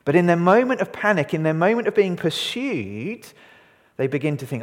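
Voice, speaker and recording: A man preaching a sermon, animated and asking his congregation questions. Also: sits high, normal speed. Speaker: pastor. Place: church hall. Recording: long hall reverb.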